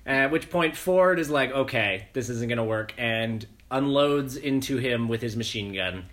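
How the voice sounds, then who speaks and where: Brief: mid-pitched co-host, lively retelling, quick laughs, casual. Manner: animated storyteller, laughs often. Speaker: podcast co-host recapping a film. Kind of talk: casual chat.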